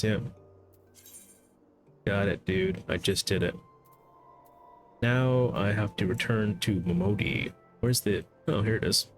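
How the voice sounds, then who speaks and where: Man, low voice, casual gameplay chatter, faint game music behind. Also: animated, slow pace, pauses often. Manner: chatty, restarts, brushes off game text. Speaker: streamer.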